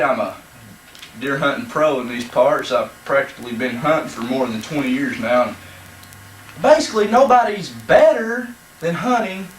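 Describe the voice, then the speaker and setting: A man's voice: medium pitch, a bit bright, a little hiss or hum, natural voice. A man playing a boastful country deer-hunting pro in a comedy sketch, rambling with hammy emphasis. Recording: echoey room, mic far off.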